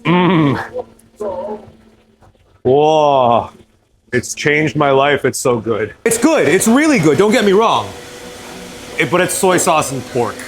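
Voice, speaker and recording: A man's voice: on the high side, very animated, slow pace, long pauses. A man from northern China hosting a cooking video in a joking, chatty way, now and then slipping into Mandarin. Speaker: cooking channel host. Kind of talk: casual cooking commentary.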